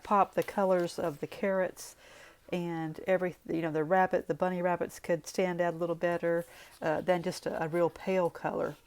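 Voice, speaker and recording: A woman with a Southern US accent talking through a card-making craft tutorial in a chatty, folksy way, full of rambling asides. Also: fairly low pitch.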